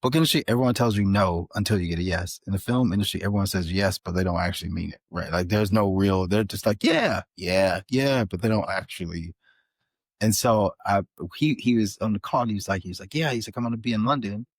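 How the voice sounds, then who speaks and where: A man, a podcast guest, telling an animated story in a casual interview, with frequent restarts. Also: on the low side, a little fast, no echo. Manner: animated, many restarts and fillers. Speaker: podcast guest, author and filmmaker.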